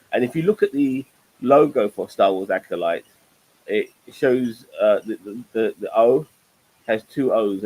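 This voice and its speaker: A middle-aged man co-hosting a laid-back review show, talking in long, rambling runs peppered with swearing. His voice sits a little low. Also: poor audio. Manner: profane, rambling, animated. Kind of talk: casual chat.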